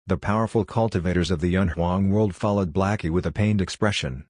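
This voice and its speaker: A man narrating an audiobook in a steady, matter-of-fact storytelling manner. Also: sits low, brisk, few pauses, no room sound, studio quality.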